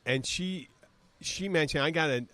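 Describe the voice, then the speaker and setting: A man's voice: on the high side, moderate pace, a bit bright. A man in his fifties hosting a podcast in casual chat, rambling with restarts and fillers. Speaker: podcast host.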